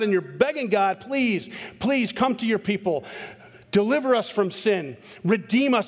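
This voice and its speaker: Male pastor, sermon, high voice, long church reverb, animated with sudden high outbursts. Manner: animated, self-interrupting, acts out quotes with sudden high bursts.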